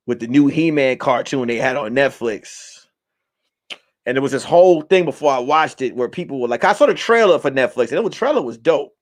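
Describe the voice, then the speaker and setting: A man, a comedian, chatting casually to his viewers in a loose, animated way, slipping into song and mock voices. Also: medium pitch. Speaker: comedian and vlogger. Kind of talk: casual vlog chat.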